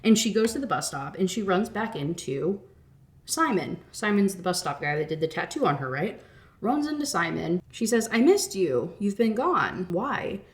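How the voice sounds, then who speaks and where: A young woman retelling a dark romance novel in a loose, chatty rant. She swears freely, peppers everything with "like", and her voice sits a little low for a woman. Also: sing-song, moderate pace. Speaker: book reviewer. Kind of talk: casual rant review.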